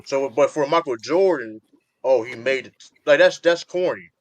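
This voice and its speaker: A man's voice: mid-range voice, expressive, moderate pace, no echo. A man hosting a heated sports debate podcast, cutting in and repeating himself to get the floor. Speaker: podcast host.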